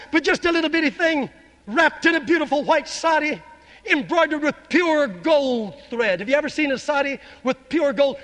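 An older man preaching a sermon, telling testimony stories with fervent outbursts and slow, drawn-out phrases. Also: very high-pitched, sharp tone. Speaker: evangelist preacher. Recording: long hall reverb.

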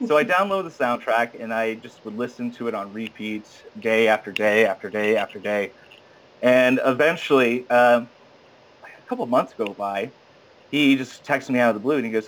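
A man's voice: moderate pace, slight background noise, poor audio. A man casually telling a story, acting out the quoted lines and often stammering and restarting. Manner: animated, acts out quoted dialogue with sudden high jumps. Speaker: guest recounting an audition.

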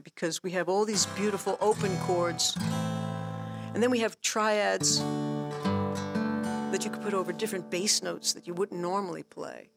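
Gravelly woman telling songwriting stories. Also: medium pitch, normal speed, pauses often, loud music behind the voice. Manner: animated storyteller, acts out her own inner voice; laughs often while explaining. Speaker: songwriting guest teacher. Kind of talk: casual workshop talk.

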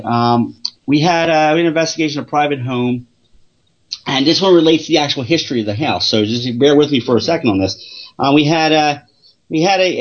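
A man who investigates the paranormal, talking through his stories in a halting way with many restarts and fillers. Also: medium pitch, muffled recording. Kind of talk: casual interview storytelling.

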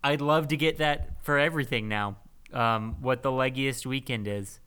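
A man's voice: medium pitch, moderate pace, a bit bright, smooth. Resonant-voiced male podcast host. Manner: rambling, with frequent ums and laughs. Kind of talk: casual movie podcast chat.

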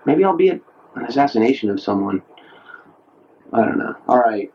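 A man talking late at night into his own audio diary, musing and self-mocking, pausing and leaning on certain words as he speaks to an imagined radio audience. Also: mid-range voice, very animated, a little hiss or hum. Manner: musing and wry, pauses and leans on certain words. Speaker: maker of a personal audio diary tape. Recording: dull lo-fi cassette tape recording.

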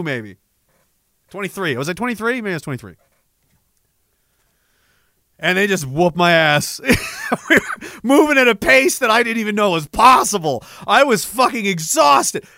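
A young veteran tells a rough story in a casual, profane way, often laughing at himself. His voice sits high and bright. The sound is dry and close, with no room around it. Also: dry recording. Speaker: military veteran telling a story.

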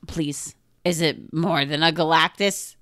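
A woman co-hosting a casual comic book chat, playful and animated, tossing in silly sound effects and acted-out lines. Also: deep voice, measured pace, no echo, studio quality. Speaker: podcast co-host.

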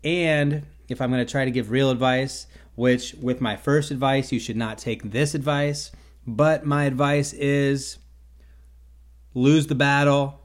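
A man talks on his own in a loose, rambling way, dropping dry sarcastic asides. His voice sits at a middle pitch, neither high nor low. He hosts the show alone. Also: steady tone, unhurried. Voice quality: stutters on his own name at times. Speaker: podcast host. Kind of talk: casual solo monologue.

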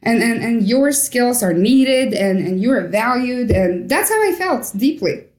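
A woman's voice: a little high, lively intonation, unhurried, a little mellow. A young woman from Norway, a podcast guest, telling a story with animation and acting out the quoted voices. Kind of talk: storytelling interview. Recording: roomy echo.

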